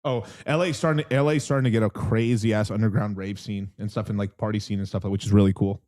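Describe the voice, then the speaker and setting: A young man hosting a crypto livestream in a casual, rambling chat, swearing constantly and getting excitable as he talks. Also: lowish voice, quick pace. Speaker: crypto stream host.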